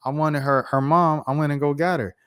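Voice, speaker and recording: A man around thirty telling a personal story on his vlog in a casual, slangy, animated way. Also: on the high side, a little fast, clean tone. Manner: animated, slangy, acts out voices. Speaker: YouTuber.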